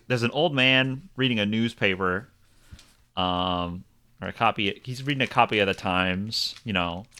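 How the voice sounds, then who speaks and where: A man narrating a tabletop game as game master, describing scenes in a halting, stop-start way. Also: fairly low pitch, bright, forceful tone, clear, resonant tone.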